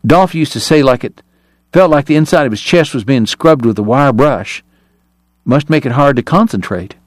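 A man voicing a restless young male army officer who asks sharp, incredulous questions. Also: medium pitch, lively intonation, moderate pace, dry recording, natural voice. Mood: blunt.

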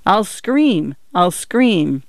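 A man reading aloud and voicing a timid, frightened small boy who speaks in a slow, pleading way. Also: sits high, sing-song, vocal fry, no echo, exaggerated voice.

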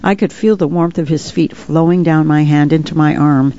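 A woman's voice: deep voice, steady tone, moderate pace, dark tone, dull audio, a little hiss or hum. Woman reading her memoir, earnest and reflective. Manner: earnest, reflective, heartfelt storytelling. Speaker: author reading her own book. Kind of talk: audiobook memoir narration.

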